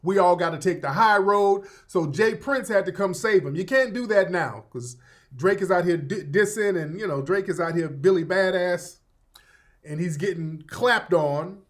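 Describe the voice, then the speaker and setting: High-voiced man hosting casual commentary. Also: animated, normal speed. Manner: loose, conversational, addressing viewers directly. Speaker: online radio host.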